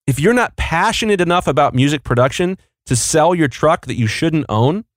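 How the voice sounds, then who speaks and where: A man's voice: on the high side, expressive, moderate pace, no echo, studio quality. A married man hosting a podcast, speaking bluntly and with strong opinions. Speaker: podcast host. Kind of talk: casual podcast chat.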